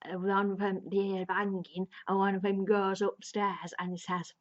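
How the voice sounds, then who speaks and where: A woman's voice: mid-range voice, little pitch movement, normal speed. A woman casually retelling a plot as a video reviewer, rambling with many restarts and fillers and laughing now and then. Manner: amused, laughs between lines. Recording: slightly dull lo-fi sound.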